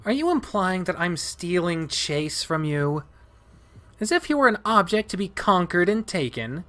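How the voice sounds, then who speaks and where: A sharp-tongued young she-wolf, clipped and condescending, pitched well above the performer's own voice, as a man puts her on. She sounds cutting and impatient in a visual novel read-through. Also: very animated, a little slow, full character voice.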